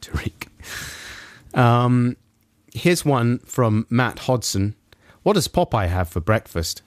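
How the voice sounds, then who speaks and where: A male radio co-host, joking around and introducing music with a bouncy, laughing manner. His pitch leaps about a lot, and the close studio mic gives a dry sound. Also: sing-song, takes it slowly, pauses often, no room sound. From England. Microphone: studio microphone.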